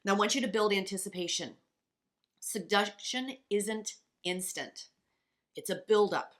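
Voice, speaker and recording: A woman's voice: fairly low pitch, a bit bright. A woman co-hosting a podcast as a coach, talking in a passionate, blunt and profane way. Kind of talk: casual motivational podcast chat.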